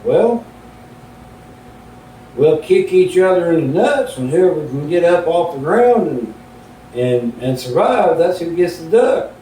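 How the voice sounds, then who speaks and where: A man doing a gruff giant old farmer. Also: very animated, unhurried, pauses often, warm tone. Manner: blunt, drawling, folksy. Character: huge gruff old country farmer, stubborn. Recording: roomy and distant, faint rumble.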